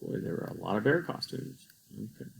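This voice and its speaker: A man's voice: medium pitch, big pitch swings, fairly quick, vocal fry, a little hiss or hum, poor audio. A man teaching a coding tutorial over a screen recording, patient and explaining each step.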